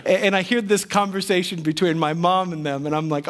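A man's voice: high voice, fairly quick, fairly bright tone. Chatty storytelling male pastor. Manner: chatty, self-deprecating, acts out quoted voices. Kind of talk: sermon with personal storytelling.

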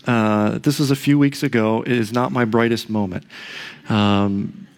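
A middle-aged pastor's sermon turns into a conversational personal story full of asides and tag questions. He speaks unhurriedly in a medium-pitched male voice with fairly even intonation and vocal fry.

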